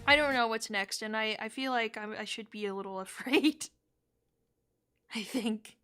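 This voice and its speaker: A woman's voice: on the high side, moderate pace, bright, forceful tone, clean tone. A woman streaming a game live, chatting and giggling as she reacts to chat.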